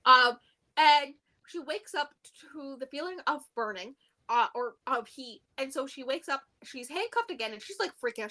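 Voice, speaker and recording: A young woman co-hosting a podcast, animatedly retelling a book plot in casual chat. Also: moderate pace. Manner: animated retelling, acts out quotes in a high squeal. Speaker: podcast co-host.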